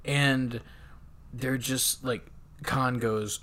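A man casually retelling a film with lots of swearing and animated asides. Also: mid-range voice. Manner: profane, animated retelling with quick voiced asides. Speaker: podcast co-host recapping a film. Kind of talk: casual chat.

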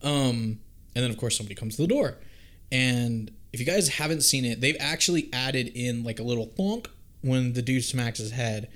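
A man in casual movie watch-along chat, animated and profane, jumping into quick put-on voices for the characters. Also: mid-range voice.

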